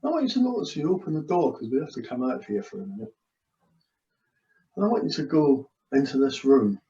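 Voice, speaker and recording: A man's voice: mid-range voice, very animated, fairly quick, mellow. A man acting as a hypnotist, guiding a session with soothing, repetitive trance suggestions over a video call. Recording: dull, lo-fi video call audio.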